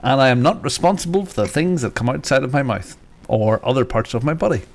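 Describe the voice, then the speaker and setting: A man's voice: mid-range voice, lively intonation, fast, gravelly. A man with a Northern Irish accent, co-hosting a podcast in casual, bawdy, joking chat. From Northern Ireland. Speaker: podcast co-host.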